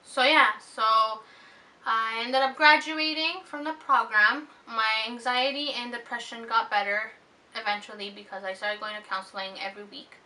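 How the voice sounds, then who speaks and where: A woman in her twenties speaking in a heartfelt personal vlog, earnest and tender, pausing often with ums. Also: a little high, steady tone, bright, forceful tone. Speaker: vlogger. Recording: slightly distant mic with faint hiss.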